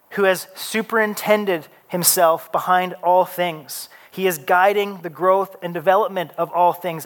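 A man preaching a sermon, slow and deliberate, with casual asides, rising to loud urgent peaks and dropping to soft hushed lines. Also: high-pitched. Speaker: pastor.

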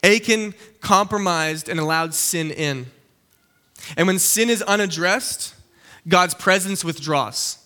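A young man preaching a casual teaching sermon, animated and conversational, often checking in with his listeners. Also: high voice, takes it slowly.

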